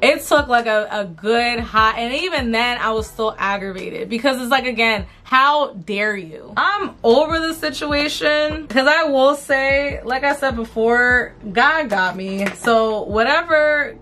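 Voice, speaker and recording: Young woman, beauty vlogger, indignant storytime, bright tense voice, slangy and repetitive, faint music behind. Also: on the high side, a little slow, hardly any pauses. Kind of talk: storytime chat while doing makeup.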